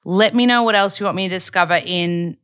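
A woman's voice: medium pitch, brisk, fairly bright tone, clean tone, no room sound, studio quality. A young Australian woman hosting her own podcast, giving a chatty, upbeat solo update full of fillers and tangents. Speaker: podcast host.

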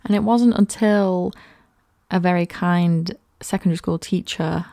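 A young woman in her early twenties speaks candidly on her own podcast, reflective and chatty. Her voice sits a little low, with a gravelly fry and a mellow tone. The sound is dry and close. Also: steady tone, unhurried, dry recording. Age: early 20s. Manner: candid and reflective, chatty with many "like" and "you know" fillers. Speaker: podcast host. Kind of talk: personal podcast monologue.

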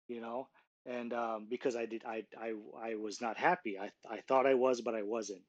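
Middle-aged guy telling his faith story, halting and earnest, lots of restarts, kinda dull lo-fi dry sound. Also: medium pitch, steady tone, no echo. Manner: halting, many restarts and filler words, earnest. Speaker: guest sharing his testimony. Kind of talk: emotional personal testimony, conversational.

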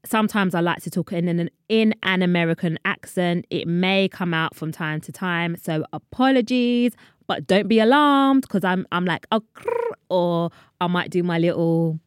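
This is a casual solo podcast from a London woman in her 30s who hosts in a chatty, rambling style and laughs at her own asides. She speaks at a normal speed in a lowish voice with a clean tone, and the studio recording is clean with no room sound.

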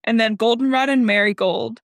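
A young adult woman hosting a podcast, retelling a book in a casual, animated and giggly way. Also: fairly high pitch, a little fast, gravelly, no echo, studio quality. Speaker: podcast host. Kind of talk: casual book recap chat.

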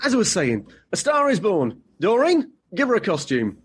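A man's voice: high-pitched, huge pitch swings, moderate pace, husky, full character voice. An actor playing a blunt, grumbling man who runs auditions for an amateur show in a comedy audio drama.

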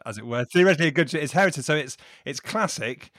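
A man's voice: fairly high pitch, animated, fast talker, fairly bright tone, no echo. A man hosting an interview, thinking aloud with hesitant restarts. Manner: hesitant, thinking aloud, laughs between words. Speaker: podcast host. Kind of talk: conversational interview.

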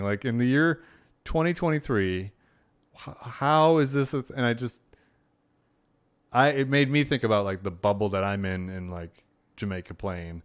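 Animated man telling a story. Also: a little slow, long pauses, clean tone. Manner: animated, jumps into high-pitched voices when quoting people. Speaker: podcast guest, comedian. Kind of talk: casual storytelling chat.

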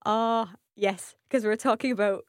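A woman's voice: mid-range voice, fairly even intonation, a little slow, no room sound. Woman, Scottish accent, learner co-host, curious, careful questions, dry sound. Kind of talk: language lesson podcast.

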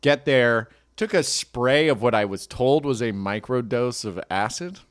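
A man's voice: medium pitch, expressive, unhurried. A young man, a comedian and podcast host, telling a rambling, self-mocking story in casual chat.

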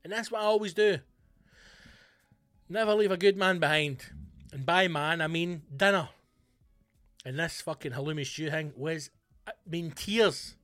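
A man hosting a podcast, delivering a comic, sweary, animated rant. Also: fairly high pitch, unhurried, long pauses, dry recording, soft background music. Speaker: podcast host. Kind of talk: comic ranting monologue.

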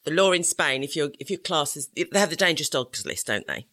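A man co-hosting a podcast, chatting casually and joking, quick to laugh. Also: a little high, sing-song, pushed and bright. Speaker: podcast co-host, guesthouse owner. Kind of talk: casual chat.

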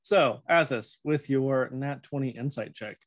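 A man running a tabletop game as game master, casual and quick to laugh. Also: mid-range voice, no room sound, clean studio sound.

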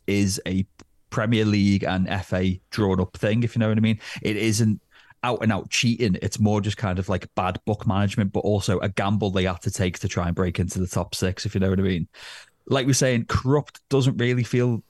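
Low-voiced rambling male podcast co-host. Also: fairly even intonation, fairly quick, darkish tone, no echo, clean studio sound. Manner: rambling, hedging with fillers. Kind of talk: casual football chat.

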